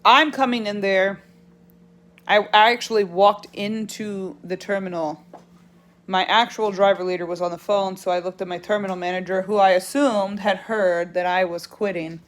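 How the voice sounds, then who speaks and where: A blunt woman trucker ranting through a story in a casual vlog. Her voice sits at a middling pitch and she swears freely. She talks with animated, exasperated energy. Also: moderate pace. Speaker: truck driver.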